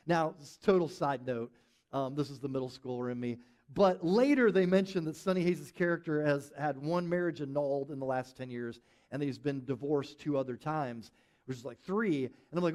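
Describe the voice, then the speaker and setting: Man, pastor, sermon, high voice, animated, storytelling, church congregation. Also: moderate pace. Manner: animated, storytelling, acts out quotes. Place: church service with live audience.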